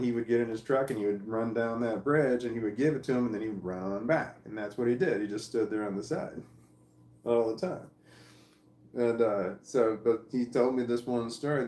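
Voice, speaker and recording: A man's voice: mid-range voice, a little mellow. A man casually telling a long rambling story, laughing often and swearing now and then. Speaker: vlogger. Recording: echoey room.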